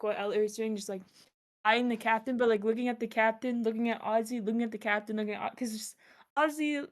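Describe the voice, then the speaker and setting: Rambling woman player, higher voice. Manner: rambling, lots of fillers. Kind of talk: tabletop role-play.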